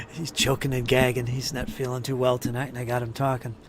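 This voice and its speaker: A man running a tabletop game, wrapping up the session in a relaxed, joking way while tired from no sleep. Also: mid-range voice, a little hiss or hum. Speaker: game master. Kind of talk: post-session wrap-up chat.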